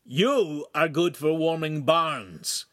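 A man reading an audiobook, voicing a rough male servant who speaks broken English with a slow, mocking drawl. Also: a little high, fairly bright tone, dry recording, studio quality, voice pushed up.

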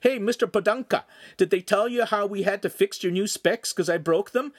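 A man's voice: high-pitched, normal speed, voice pushed up. A man voicing a cheeky, sarcastic teenage boy in a storybook reading. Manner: sarcastic, brash.

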